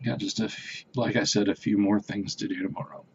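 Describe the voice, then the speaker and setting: A man's voice: lowish voice, steady tone, brisk, slight background noise. A man hosting a casual livestream, chatting with viewers in a rambling, hesitant way with many fillers and restarts. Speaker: livestream host. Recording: dull lo-fi stream audio.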